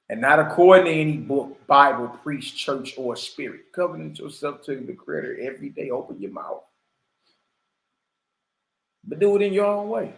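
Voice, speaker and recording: A male teacher reads from a text in a fiery preaching lesson, echoing through the room as he keeps posing rhetorical questions to listeners. He sounds animated and creaky, with a higher-leaning voice at a normal speed.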